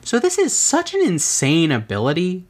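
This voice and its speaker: A podcast host explaining a game character build, telling the backstory with exasperated asides and casual swearing. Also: mid-range voice. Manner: animated, exasperated storytelling with quick asides; casual swearing and filler words.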